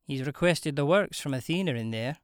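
A woman's voice: low voice, animated, a little fast, no echo, clean studio sound. A narrator voicing Sophia, a young Glaswegian stripper woman with a musical brogue, blunt and teasing, in an audiobook. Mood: frank, teasing. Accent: Glaswegian Scottish.

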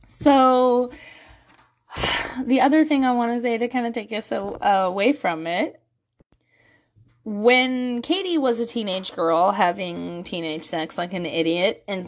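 A young woman telling a candid, self-mocking story in a casual monologue, swearing freely and laughing often. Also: medium pitch. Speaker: podcast host.

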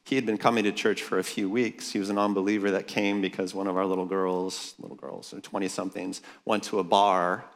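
Lowish male preacher, punchy and playful, working a conference crowd; large-hall reverb. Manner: emphatic and jokey, calls the crowd for amens. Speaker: pastor speaking at a leaders' conference. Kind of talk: sermon.

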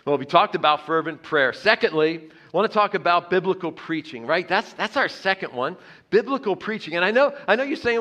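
A man's voice: sits high, lively intonation, fairly quick, bright, forceful tone. A man preaching a sermon in an earnest way, often repeating words and dropping his voice on key phrases. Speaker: pastor.

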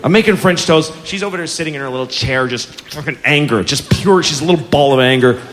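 A man's voice: fairly high pitch, fast, big-room sound, a crowd in the background. A man in his forties doing stand-up, telling an exasperated, profane story. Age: 40s. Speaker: stand-up comedian. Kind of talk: stand-up comedy. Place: comedy club stage. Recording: live audience laughter, noisy club.

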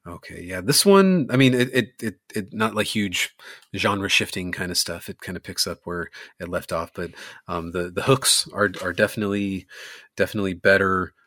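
A man's voice: sits low, normal speed, a bit bright, no room sound. A man co-hosting a podcast, chatting casually about albums and laughing often. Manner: laid-back, laughs often, rates albums out of eleven. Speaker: podcast co-host. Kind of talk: casual music chat.

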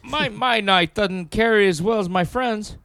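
A man's voice: high voice, unhurried, vocal fry, pushed and bright, smooth, no room sound, voice pushed up, full character voice. A man voicing a mocking British bloke who complains about his knife, in a put-on Cockney-style accent.

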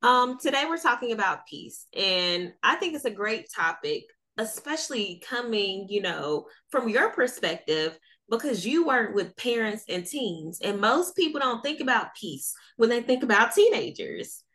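A woman's voice: a little high, big pitch swings, a little slow, a bit bright. A woman with a Southern US accent from North Carolina, hosting a podcast interview in a chatty, upbeat way. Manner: chatty and upbeat, laughs often. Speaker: podcast host. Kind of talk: casual interview chat.

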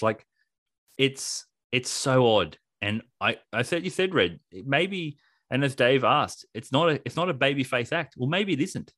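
A man co-hosting a casual wrestling podcast, talking in an animated, sarcastic way and laughing often. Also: medium pitch, a little slow, dry recording, studio quality. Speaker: podcast co-host.

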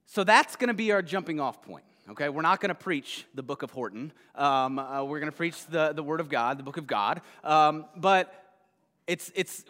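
A male pastor giving a casual sermon, retelling a children's story in a conversational way and often checking in with a quick "right?". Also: on the high side, pushed and bright. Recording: long hall reverb.

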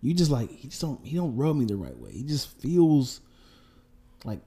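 Give me a man chatting as co-host, pitch swinging wide. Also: moderate pace. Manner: animated, acts out friends in falsetto and low voices. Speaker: podcast co-host. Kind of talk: casual chat.

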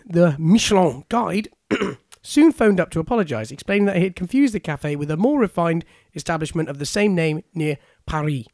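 High-voiced man reading news. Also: animated, moderate pace, few pauses, a little mellow, no echo, studio quality. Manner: reads items out, chuckling asides. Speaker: podcast co-host reading news stories. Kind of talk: casual chat, reading news aloud.

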